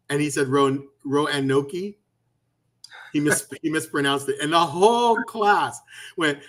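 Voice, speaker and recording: A man co-hosting a casual talk stream, telling animated stories and laughing often. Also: fairly high pitch. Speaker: co-host. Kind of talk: casual chat. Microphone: home streaming setup.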